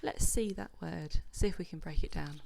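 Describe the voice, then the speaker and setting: A woman's voice: on the low side, normal speed, gravelly, dark tone. Encouraging woman teaching children phonics. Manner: encouraging, praises children by name, counts down. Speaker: homeschool teacher. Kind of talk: live online phonics lesson for children.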